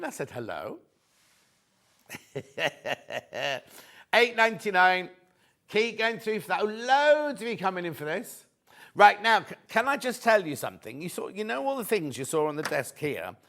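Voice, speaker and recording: Chatty man presenting live shopping. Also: on the high side. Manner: chatty, gossipy, excitable. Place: TV studio.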